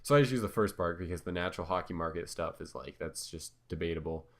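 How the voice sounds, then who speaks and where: Deep-voiced man rambling through casual commentary. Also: quick pace. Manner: filler-heavy, hesitant, self-correcting. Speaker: commentator on his own videos.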